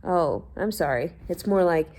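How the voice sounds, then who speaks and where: A woman's voice: on the low side, expressive, measured pace, darkish tone. A woman hosting a podcast, ranting in a sarcastic, profane casual monologue. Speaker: podcast host.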